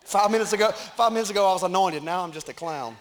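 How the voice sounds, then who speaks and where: A middle-aged pastor speaking from a church stage in a somewhat high voice. He talks to his congregation in a loose, conversational way, with plenty of jokes. His sermon style stays informal and personal. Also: fast talker, a little hiss or hum. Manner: conversational and joking. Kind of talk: sermon with announcements and prayer.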